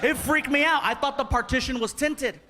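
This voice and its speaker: A man doing stand-up storytelling, animated and laughing, breaking into loud impressions. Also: very high voice, brisk. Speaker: stand-up comedian. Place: on stage before a live audience. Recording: crowd laughter and noise.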